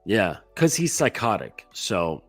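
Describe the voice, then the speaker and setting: A man's voice: lowish voice, big pitch swings, slow pace, dry recording, faint music behind. A man giving a casual coaching talk as a dating coach, chatty and loose, swearing now and then and often checking in with "right?".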